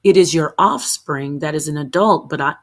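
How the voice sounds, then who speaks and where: A woman with a somewhat low voice delivers an unscripted livestream rant to her viewers. She sounds heated and defensive, rambling from point to point and restarting her sentences as she goes. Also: normal speed. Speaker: streamer.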